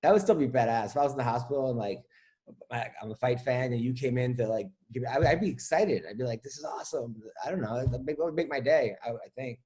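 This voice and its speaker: A man's voice: mid-range voice, fast, warm tone. A man hosting a podcast, chatting casually, joking and rambling, with some swearing. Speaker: podcast host. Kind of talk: casual comedic chat.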